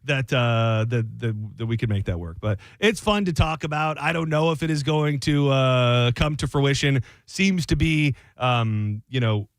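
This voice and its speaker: A man's voice: mid-range voice, measured pace, few pauses, no room sound. Rambling male sports radio host. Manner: loose, rambling, lots of restarts.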